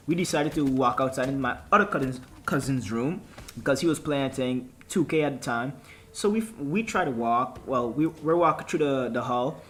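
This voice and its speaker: A young man hosting a vlog, telling a story casually, with lots of swearing and acted-out quotes. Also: medium pitch. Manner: animated, profane storytelling with quoted dialogue. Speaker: gaming channel host.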